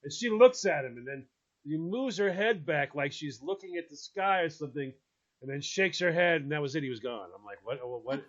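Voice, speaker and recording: A man's voice: on the high side, animated, fairly quick. A man telling a funny story with drama, acting out the voices and laughing often. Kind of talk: animated storytelling. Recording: dull lo-fi sound.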